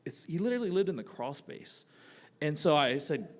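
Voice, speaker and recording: A man, a teacher, telling a personal story live on a theatre stage, animated and casual, swinging between loud bursts and quiet asides. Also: fairly high pitch, normal speed. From United States. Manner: casual, with frequent "like" fillers.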